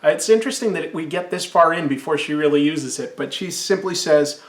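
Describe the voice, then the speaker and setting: A man's voice: fairly high pitch, a little fast, reverberant. A man casually reviewing an old comic, rambling and enthusiastic while sipping absinthe.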